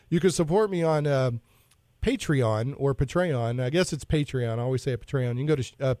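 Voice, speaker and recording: A man's voice: mid-range voice, darkish tone, dry recording, clean studio sound. A man hosting a casual geek talk radio show, joking around with puns and laughing at his own jokes. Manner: jokey, punning, quick to laugh.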